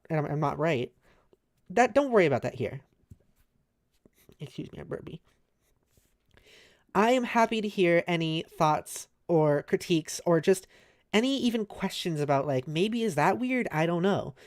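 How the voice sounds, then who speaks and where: Fast-talking American woman streamer. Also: on the low side, a little mellow. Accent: American, maybe New England. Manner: speaks fast and slurs words a little; reassuring, chatty, lots of "like" fillers. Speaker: streamer reading a webcomic aloud. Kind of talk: casual live-stream chat with viewers.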